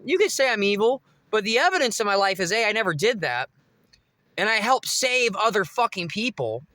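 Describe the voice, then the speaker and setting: A man's voice: high-pitched, bright, forceful tone. A young man vlogging, telling a rambling, profane story straight to his viewers. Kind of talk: casual monologue to camera.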